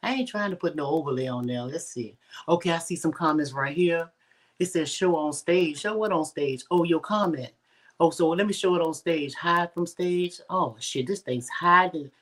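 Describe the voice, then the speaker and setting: A woman's voice: low voice, normal speed, distant mic, low-quality recording. A middle-aged woman hosting a casual cooking livestream from her home kitchen, chatting straight to her viewers with lots of asides. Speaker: home cook livestream host.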